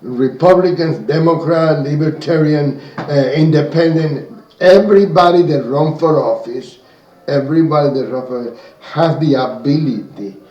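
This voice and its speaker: A radio co-host with a Cuban accent talks at a very slow pace in animated, broken English. His voice sits a little high, and the studio sounds roomy around him. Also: distant mic, dull audio, a little hiss or hum. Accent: Cuban Spanish. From Cuba. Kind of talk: casual radio talk.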